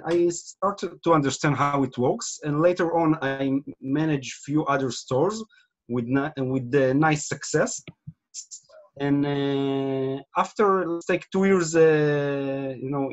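A man from Israel with an Israeli accent, giving a webinar presentation with many fillers and restarts, speaking over a computer mic on a video call. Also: mid-range voice. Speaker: guest presenter.

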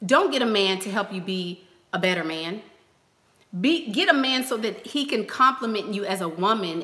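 A woman's voice: mid-range voice, sharp tone, reverberant. A woman hosting a casual livestream, giving advice in a chatty way, repeating phrases and using lots of fillers. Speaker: host.

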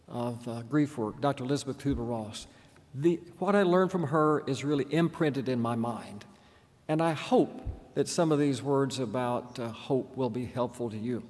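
An older man giving an earnest church lecture, slowing down to stress key words. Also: mid-range voice, a little mellow. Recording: long reverb from church.

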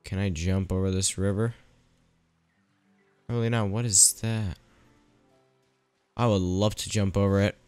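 A man with a slightly low voice talks slowly and unhurriedly through his playthrough, musing aloud and cracking teasing jokes at the game's characters. The sound is dry and close, with faint game music underneath. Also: steady tone, darkish tone, clear, resonant tone, dry recording. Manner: thinking aloud while playing. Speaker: gameplayer narrating his playthrough. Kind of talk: casual let's-play commentary.

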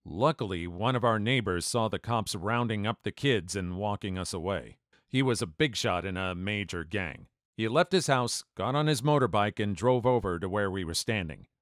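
A man doing scripted story narration in an animated way, acting out the dialogue. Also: fairly low pitch, normal speed, no room sound, studio quality.

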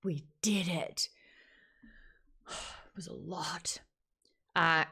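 A woman's voice: mid-range voice, fairly bright tone. A woman hosting a casual online book chat, reviewing a novel candidly and reading out viewer comments, with wry remarks and frequent laughs.

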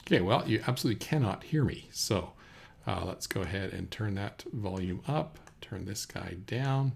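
Speaking into a USB desk microphone in an indoor room, a man with a gravelly, slightly low voice walks through a screen-recorded software tutorial on computer recording. He moves through each step at a relaxed, unhurried pace and uses lots of fillers.

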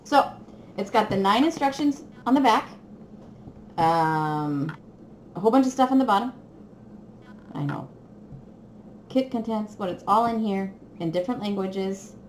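A woman chatting casually to viewers while unboxing, excitable and giggly. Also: medium pitch, unhurried, long pauses. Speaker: crafting vlogger. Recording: echoey room with faint noise.

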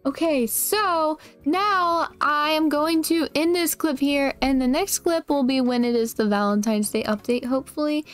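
A woman's voice: high voice, normal speed, few pauses. Chatty young woman gamer, light music behind. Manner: chatty and upbeat, with frequent fillers and repeated phrases. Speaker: gaming YouTuber. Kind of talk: casual gameplay commentary.

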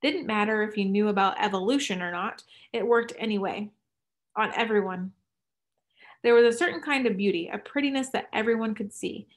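A woman reading a novel aloud at a measured pace. Her mid-pitched voice drops to a hush for tense moments. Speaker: audiobook narrator. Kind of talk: scripted narration.

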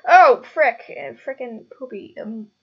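A woman's voice: high-pitched, takes it slowly, vocal fry, lo-fi sound, slight background noise. Goofy, giggly woman streamer. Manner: goofy, giggly, drags out a silly catchphrase. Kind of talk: casual livestream chat.

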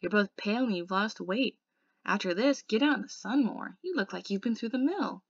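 A woman voicing a gruff teenage greaser, blunt and gravelly. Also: mid-range voice, expressive, normal speed, no room sound, lo-fi sound. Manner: curt, slangy.

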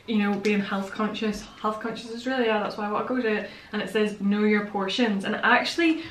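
A young woman with a Northern Irish accent, chatting casually and excitably while tasting snacks at home. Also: mid-range voice, fairly quick. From Northern Ireland. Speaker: vlogger. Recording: echoey room, mic at a distance.

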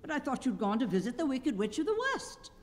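A woman's voice: high voice, expressive, quick pace, big-room sound, a little hiss or hum, voice pushed up. Woman doing a startled old gatekeeper. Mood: astonished. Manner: surprised exclamations. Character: gruff startled male gatekeeper.

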